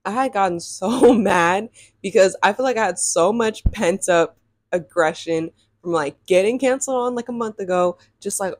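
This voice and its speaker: A young woman telling a dating story in a casual storytime vlog, sassy and animated and laughing often. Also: medium pitch, dry recording, clean studio sound.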